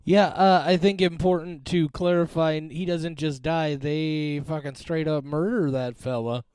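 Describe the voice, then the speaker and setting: A man's voice: fairly high pitch, fairly even intonation, a little slow, darkish tone, clear, resonant tone, no echo. A man co-hosting a podcast, chiming in casually with blunt comments. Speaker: podcast co-host. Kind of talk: casual movie chat.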